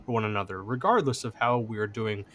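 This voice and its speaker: A man's voice: on the low side, brisk, a bit bright. A man speaking as a podcast guest in casual chat, rambling with frequent fillers. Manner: rambling, heavy use of "like".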